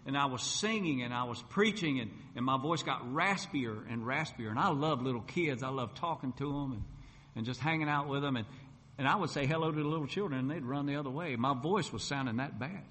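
Telling his testimony briskly, this middle-aged preacher and gospel singer has a medium-pitched, slightly bright voice. He spins it as folksy storytelling, performing the quoted voices, while a long hall reverb trails his words.

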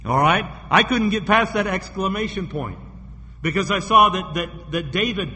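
A man preaching a sermon in an earnest way, reading verses slowly and often restarting his sentences. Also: high voice, sharp tone. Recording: echoey hall.

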